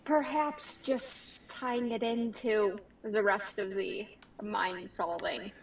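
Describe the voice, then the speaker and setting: A woman playing a tabletop game, speaking in a slow, lilting way. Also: medium pitch, steady tone, recorded from a distance, slight background noise, low-quality recording. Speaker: player. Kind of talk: tabletop role-play.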